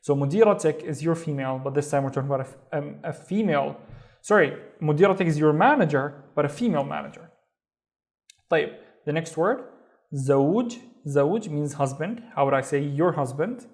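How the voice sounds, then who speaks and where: A man teaching a recorded lesson, slowly repeating each word and phrase for learners. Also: on the high side, lively intonation, darkish tone. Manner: slow, clear, repeats words for learners. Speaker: Arabic teacher.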